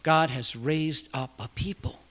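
A man preaching a sermon, quoting others quietly and building to loud, emphatic peaks. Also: on the high side, measured pace. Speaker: pastor.

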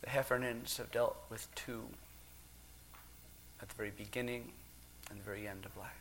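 A man preaching a sermon as pastor, measured and deliberate, with long pauses, dropping soft and then rising loud. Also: fairly low pitch, fairly even intonation, a little hiss or hum.

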